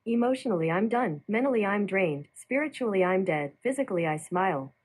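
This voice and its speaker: A woman's voice: mid-range voice, lively intonation, brisk, a little mellow, husky, poor audio. A woman voicing a gloomy female smart speaker that answers everything with bleak, sad lines.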